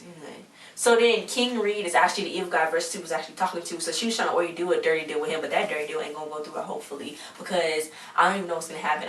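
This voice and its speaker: Lady rambling thru a tv recap, lowish voice, kinda far off in an echoey room. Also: rapid-fire, few pauses. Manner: rambling, animated, exasperated recap with slang. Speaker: TV show reviewer. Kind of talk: casual recap vlog. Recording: echoey room, mic at a distance.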